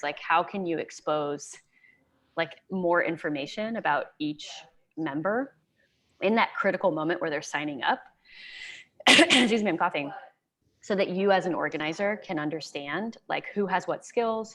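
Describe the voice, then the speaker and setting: A woman in her thirties with a notably low-pitched voice speaks as a guest in a casual Q&A over a video call. She is conversational and upbeat, with frequent "like" fillers. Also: fairly bright tone. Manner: conversational and enthusiastic, sprinkles in "like".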